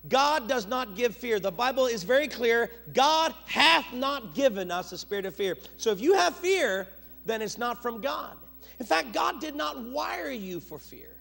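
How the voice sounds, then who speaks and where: A middle-aged male pastor preaching a sermon, moving from loud urgent bursts to low, quiet asides. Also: big pitch swings, measured pace, gravelly.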